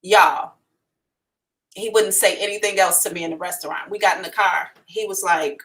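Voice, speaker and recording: A woman hosting a psychic livestream, telling a story to her viewers in a frank, animated way, swearing casually and addressing them directly. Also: medium pitch, normal speed, distant mic, low-quality recording. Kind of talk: storytelling to a live audience.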